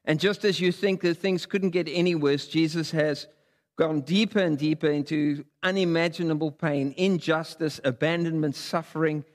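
A male preacher with a fairly high voice delivers a sermon, and his voice carries a long reverb from a large sanctuary. He reads scripture dramatically, rising high and dropping low in his voice. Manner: dramatic scripture reading with big pitch swings. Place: church sanctuary.

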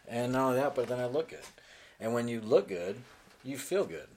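A man in his thirties hosting a casual podcast chat with his daughter, relaxed, laughing often and pausing with lots of ums. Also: medium pitch. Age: 30s. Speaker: podcast host and father.

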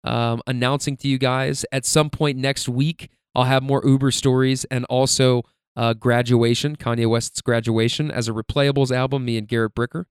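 A man's voice: medium pitch, level tone, moderate pace, hardly any pauses, smooth, no room sound, clean studio sound. A man hosting a podcast, telling stories in a loose, profane, rambling way full of fillers. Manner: laid-back, profane, filler-heavy rambling. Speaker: podcast host. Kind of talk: casual storytelling monologue.

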